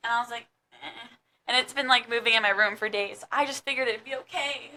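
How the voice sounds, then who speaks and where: A woman's voice: on the high side, fast talker, bright, forceful tone. A young woman co-hosting a podcast, telling rambling, giggly stories in casual chat. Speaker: podcast co-host. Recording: distant mic with faint background noise.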